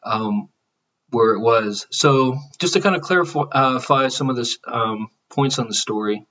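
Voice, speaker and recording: A man's voice: mid-range voice, measured pace, pushed and bright, far from the mic, dull audio. A man talking casually to his channel, rambling with many fillers and restarts. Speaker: channel host. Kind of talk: casual spiritual vlog monologue.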